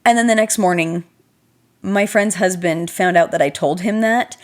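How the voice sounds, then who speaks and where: A young adult woman vlogger telling a personal story in a chatty, animated, self-deprecating way, talking straight to her viewers. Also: medium pitch, moderate pace. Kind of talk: casual storytelling to camera.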